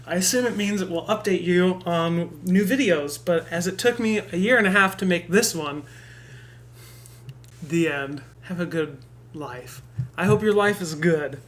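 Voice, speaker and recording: Guy explaining voice stuff, bright clear tone, dry jokey and offhand. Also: high voice, unhurried. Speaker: voice tutor. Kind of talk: casual video tutorial.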